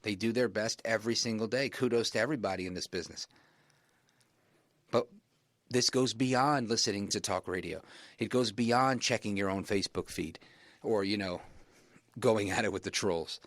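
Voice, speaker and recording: A man hosting a talk radio show, delivering an emphatic monologue that keeps rising in pitch to stress his points. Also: moderate pace, long pauses, a bit bright, dry recording.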